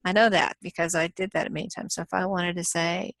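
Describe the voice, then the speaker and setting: A woman's voice: on the low side, steady tone, fairly quick, creaky, fairly bright tone, dry recording, rough recording. A woman instructor giving a recorded lecture, explaining things plainly with frequent ums and self-corrections.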